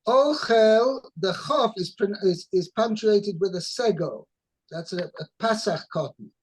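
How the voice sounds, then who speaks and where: A man with a high voice teaches a text-study lesson at a very slow pace. He explains word by word and restarts his sentences often. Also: husky, poor audio. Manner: explains slowly, with many restarts. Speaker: Torah teacher.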